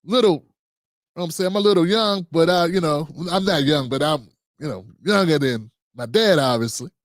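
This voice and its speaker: A man in his fifties hosts his own talk show, rambling from joke to aside in loose, slangy speech. His voice sits a touch high for a man. The sound is close and dry, with no room in it. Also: a little fast, no room sound. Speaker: host. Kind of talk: casual political talk show monologue.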